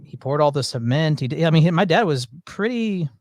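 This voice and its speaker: A man's voice: a little high, animated, fairly quick, a little mellow, no room sound, studio quality. A man hosting a casual chat, telling rambling stories with many fillers and restarts. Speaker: podcast host.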